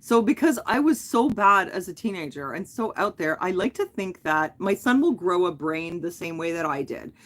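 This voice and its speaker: A woman's voice: on the low side, very animated, normal speed, few pauses, fairly bright tone. A middle-aged woman hosting a livestream, telling a long story in a casual, rambling way, full of fillers and self-corrections. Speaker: livestream host.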